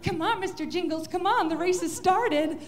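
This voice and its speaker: A woman's voice: very high voice, moderate pace, pitched above the performer's own voice. A woman comedian playing a cheery cat owner who keeps coaxing her cat to race. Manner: coaxing, insistent.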